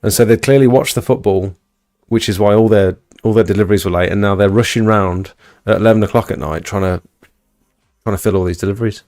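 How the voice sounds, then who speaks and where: A man's voice: fairly low pitch, quick pace, darkish tone, faint music behind. A man, hosting a livestream and telling a rambling, chatty story to his viewers at home. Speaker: livestream host. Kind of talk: casual storytelling to a live chat. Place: indoors at home.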